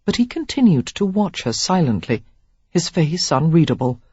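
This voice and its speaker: An audiobook narrator giving an expressive, lively reading of a romance novel. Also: mid-range voice, moderate pace, slightly rough, dry recording, dull audio.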